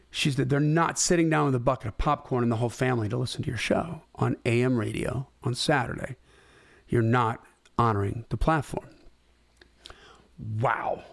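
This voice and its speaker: Animated storytelling man, dry close sound. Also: mid-range voice, gravelly, dry recording. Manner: animated, conversational, acts out quoted dialogue. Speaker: host. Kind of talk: storytelling talk.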